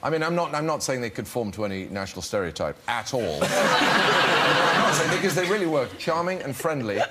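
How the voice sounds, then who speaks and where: A man's voice: fairly high pitch, sing-song, a little fast. A man with an English accent, an actor and talk show guest, telling a wry, self-deprecating anecdote with many restarts. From England. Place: TV studio with live audience. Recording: loud studio audience laughter and noise.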